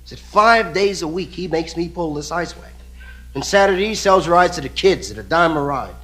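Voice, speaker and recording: A man's voice: fairly high pitch, lively intonation, a little fast, fairly bright tone, rough recording. A man voicing a put-upon talking workhorse in a stand-up story, grumbling in a world-weary way. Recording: hissy old live record.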